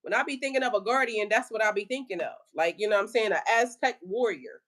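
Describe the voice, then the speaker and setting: A woman's voice: medium pitch, quick pace, fairly bright tone. A woman hosting a livestream as a spiritual life coach, chatting casually with viewers in a playful, slangy way and laughing often.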